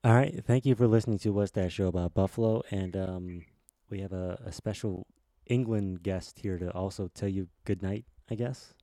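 A man's voice: deep voice, normal speed, mellow, no echo, clean studio sound. A man hosting a casual comedy podcast, telling a long rambling joke with lots of restarts. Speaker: podcast host.

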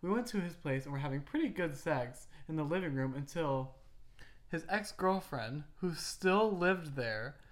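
A woman co-hosting a casual chat show, reading out listener stories with giggles and stumbling restarts. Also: sits low. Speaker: podcast co-host.

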